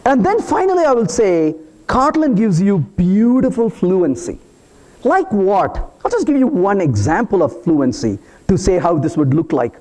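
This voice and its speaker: A man speaks at a conference, walking the audience through code in a playful, teasing way. His voice sits high and leaps widely in pitch, and his tone stays soft and mellow rather than bright. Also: sing-song, moderate pace. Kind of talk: live technical talk to an audience. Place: conference hall.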